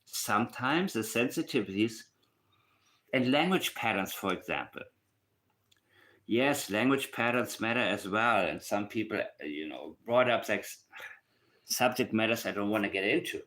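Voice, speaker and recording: A man's voice: fairly low pitch, expressive, moderate pace, fairly bright tone. A man giving casual true crime commentary alone, emphatic and repeating his points for stress.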